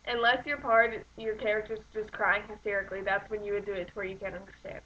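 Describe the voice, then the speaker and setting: A woman's voice: mid-range voice, little pitch movement, quick pace, sharp tone, highs cut off, slight background noise. A woman giving acting tips to camera in a loose, rambling way, with many "like"s and "um"s. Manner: rambling, full of "like" and "um". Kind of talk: casual tutorial talk to camera.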